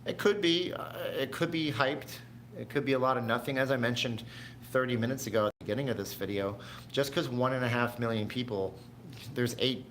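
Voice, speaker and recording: A man originally from Canada hosts a relaxed livestream from his home, drifting from one thought to the next as he answers his viewers. His voice sits on the low side, with a faint hiss behind it. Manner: rambling, chatty, answers viewers' chat. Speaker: livestream host. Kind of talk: casual livestream chat.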